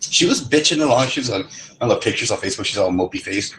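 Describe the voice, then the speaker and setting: A man's voice: fairly low pitch, expressive, quick pace, a bit bright, a little hiss or hum, poor audio. A middle-aged man chatting casually, telling rambling stories with a lot of swearing. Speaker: lobby chat participant. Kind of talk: casual chat.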